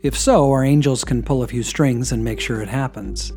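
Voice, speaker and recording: A preacher doing genial old Saint Peter. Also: male voice, mid-range voice, moderate pace, a little mellow, faint music behind, natural voice. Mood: welcoming. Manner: welcoming, officious.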